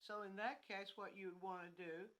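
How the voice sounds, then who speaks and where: Woman giving a halting art lesson. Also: mid-range voice, steady tone, a bit bright, poor audio. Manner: meandering, thinking aloud with many restarts. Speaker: art instructor. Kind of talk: livestreamed painting lesson.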